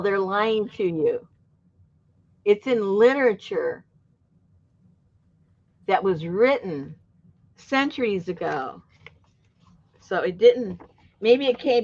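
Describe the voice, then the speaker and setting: Woman, craft host, animated, laughs easily, lo-fi sound. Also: mid-range voice. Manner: laughs often, animated and talkative. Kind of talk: casual chat while crafting.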